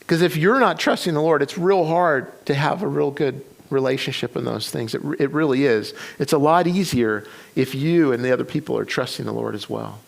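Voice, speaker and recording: Gravelly man preaching a story sermon. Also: mid-range voice, moderate pace, few pauses. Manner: retells a story with many restarts and quoted voices. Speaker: pastor. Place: church sanctuary.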